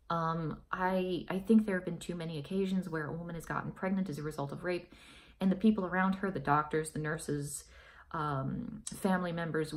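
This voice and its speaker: Earnest, emphatic woman with a lowish voice. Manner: earnest and emphatic, repeats key phrases. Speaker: vlogger. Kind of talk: personal opinion monologue to camera.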